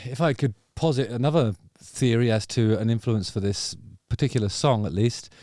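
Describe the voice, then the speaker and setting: A man's voice: medium pitch, normal speed, mellow, no room sound, clean studio sound. A man hosting a music review video, musing through casual reaction commentary and trailing off into self-corrections. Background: faint music from the video under review.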